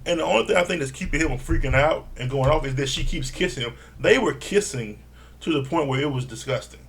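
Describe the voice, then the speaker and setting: A man giving a blunt, profane casual recap of a reality TV episode, laughing often and mimicking people in a higher voice. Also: lively intonation, fast talker, vocal fry. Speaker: reality TV reviewer.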